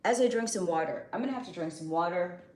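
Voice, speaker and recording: A young adult woman hosts a casual live stream, chatting with viewers and greeting them by name. Her voice sits on the low side with a darkish tone, and she talks fast, often restarting sentences, with a slightly strained, fading quality.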